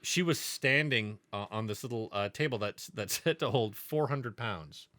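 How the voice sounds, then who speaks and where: A man's voice: mid-range voice, moderate pace, pushed and bright, no echo. A man co-hosting a podcast in casual chat, telling rambling, profane jokes. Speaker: podcast co-host.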